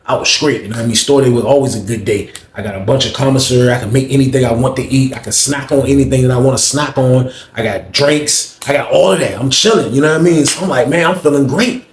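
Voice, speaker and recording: A man telling a story casually, animated and slangy, acting out the quotes. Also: medium pitch, quick pace, hardly any pauses. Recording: roomy echo with faint ambience.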